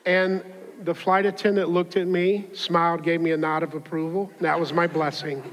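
High-voiced pastor telling a funny story. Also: male voice, little pitch movement, normal speed, fairly bright tone, slight background noise. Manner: conversational, humorous, acts out voices in his anecdote. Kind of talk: sermon with personal storytelling. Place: church auditorium. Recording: hall reverb.

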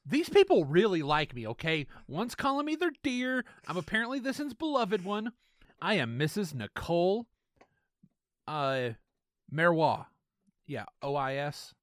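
A man with a Southern US accent hosts a casual comedy podcast, his slightly high voice swinging widely as he reads emails aloud with sarcastic, mock-dramatic commentary. He laughs often between lines. The sound is close and dry. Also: very animated, normal speed, fairly bright tone, no room sound. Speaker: podcast co-host.

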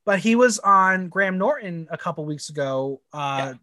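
A man co-hosting a casual podcast, recapping a show with animated, campy, laugh-filled chat. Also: high-pitched, normal speed. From United States. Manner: animated, laughs often, camp and swearing.

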